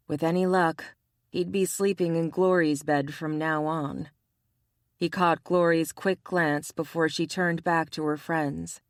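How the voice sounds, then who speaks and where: A woman narrating a romance audiobook in a measured, even read on a close mic. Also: deep voice, dry recording.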